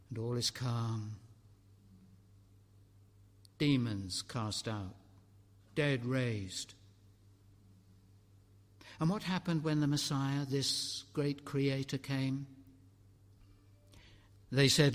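A man delivers a sermon in a fairly high voice, rising to loud declarations and dropping to near-quiet. His words ring out with a long reverb, as if spoken in a large hall or church. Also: slow. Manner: dramatic preaching, swinging between loud and hushed. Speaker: preacher.

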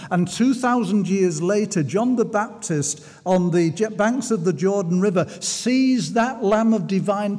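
A male preacher whose high voice carries through a hall with a long reverb. He delivers a sermon with many restarts. He drags out the words he wants to stress. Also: darkish tone. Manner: restarts and stumbles, slows for emphasis.

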